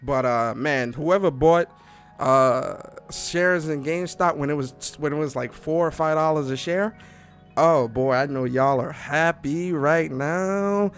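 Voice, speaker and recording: A man hosting a casual livestream podcast, animated, repeating himself and greeting the chat. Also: a little high, measured pace, smooth, soft background music. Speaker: podcast host.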